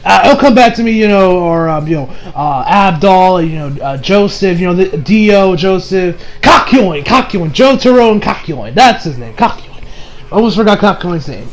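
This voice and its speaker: Rambling high-voiced man recapping anime. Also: lively intonation, moderate pace, low-quality recording. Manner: rambling, full of "like" and "you know" fillers. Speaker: anime reviewer. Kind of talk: casual episode recap.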